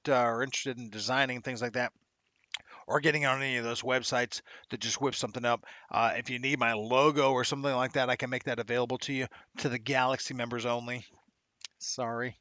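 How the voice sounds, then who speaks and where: A man's voice: mid-range voice, sharp tone, no echo. A man hosting a casual livestream show, chatty and upbeat, laughing often and using slang. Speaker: live show host.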